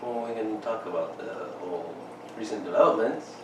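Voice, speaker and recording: A man trading dry wisecracks in casual podcast chat. His voice sits at an ordinary pitch but is heard from well off the mic, bathed in heavy room echo with a faint noise floor. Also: a little fast. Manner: wisecracking, deadpan jokes. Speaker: podcast co-host. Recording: very echoey room, distant mic.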